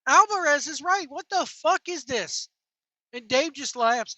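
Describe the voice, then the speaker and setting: High, bright-voiced woman ranting sarcastically. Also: lively intonation, unhurried, no echo. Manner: profane, mocking, sarcastic. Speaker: wrestling commentary vlogger. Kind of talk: ranting reaction commentary while driving. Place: in a vehicle.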